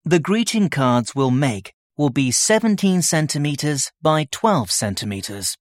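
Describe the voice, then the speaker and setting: A man's voice: a little high, very animated, a little slow, dry recording, studio quality. A man as a workshop tutor in a scripted listening-test dialogue, explaining his plans plainly. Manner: explains plans plainly, answers questions readily.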